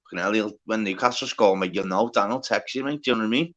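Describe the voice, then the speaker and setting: A man hosting a casual livestream chat, swearing a lot and talking in quick bursts full of filler words. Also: on the low side, fairly bright tone, highs cut off. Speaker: livestream host.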